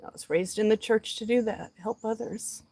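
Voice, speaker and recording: A woman's voice: medium pitch, moderate pace, breathy edge, dry recording. Heartfelt woman vlogger chatting outdoors, dry close mic. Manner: emotional, heartfelt, talks softly to animals. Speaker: vlogger talking to a live audience. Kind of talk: casual livestream chat.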